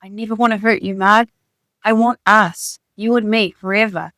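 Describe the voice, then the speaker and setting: A woman reading the part of an excitable young man who proposes, speaking in an earnest, gushing rush. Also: mid-range voice, dry recording. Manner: earnest, gushing, rapid declarations.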